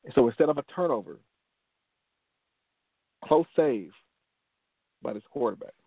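A gravelly-voiced man from Detroit tells a personal story in an earnest, motivational way, circling back on key phrases. The sound is dry and narrow, like a phone line, with no room around him. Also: medium pitch, animated, measured pace, no echo. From Detroit, USA. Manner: earnest, repeats phrases for emphasis. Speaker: motivational show host.

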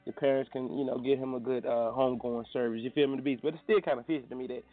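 A man's voice: medium pitch, fairly even intonation, very fast, faint music behind. A man hosting a casual morning talk show, chatting loosely with slang and fillers about the news. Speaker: host. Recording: tinny phone-like sound.

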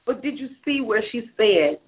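A woman co-host with a fairly high, animated voice backs up the main host. She chimes in with quick agreements and adds her own points. The sound comes through narrow, like a phone line. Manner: chimes in with short agreements and amens. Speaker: radio show co-host. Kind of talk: affirming chat on a radio show.

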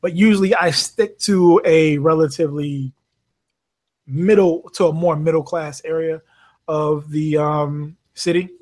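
Animated, fairly high-voiced man telling stories. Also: measured pace. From Bermuda. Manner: animated storyteller, swears freely, acts out quoted voices. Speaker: podcast guest, rideshare driver. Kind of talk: casual podcast chat.

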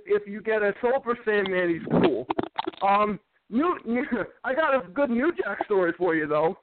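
Man, high voice, rambling storyteller who stammers and repeats words, on a dry, tinny phone-quality line. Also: dry recording. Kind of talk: casual chat.

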